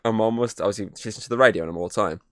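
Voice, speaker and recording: A man hosting a casual podcast, rattling through a rambling story at speed. His voice sits a little low and sounds close and dry, with no room around it. He swears freely and leans on "obviously" as he goes. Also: racing, fairly bright tone, dry recording. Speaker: podcast host. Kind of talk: casual chat, anecdote.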